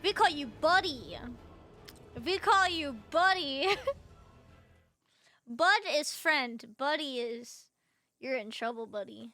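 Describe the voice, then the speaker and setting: A woman's voice: sits high, lively intonation, slow pace, long pauses, sharp tone. A woman from Canada, chatting casually with her viewers during a live game stream and swearing freely. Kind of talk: live gaming stream chat.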